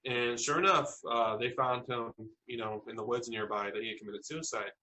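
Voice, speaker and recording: A man from South Texas, a podcast interview guest, earnestly telling personal stories with halting restarts. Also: mid-range voice, steady tone, pushed and bright, slight background noise, poor audio.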